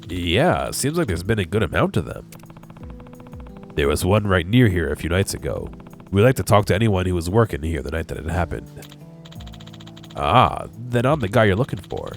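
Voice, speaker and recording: A man's voice: low voice, sing-song, normal speed, gravelly, pauses often, faint music behind, heavily acted. A congested man voicing a nervous young male convenience store clerk, hesitant and stammering. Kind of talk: reading game dialogue aloud.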